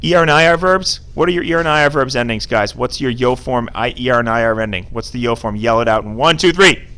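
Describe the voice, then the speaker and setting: A man's voice: medium pitch, fast talker, pushed and bright, smooth. A man teaching a casual classroom screencast lesson, chatty and informal, prompting students to call out answers. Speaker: Spanish teacher.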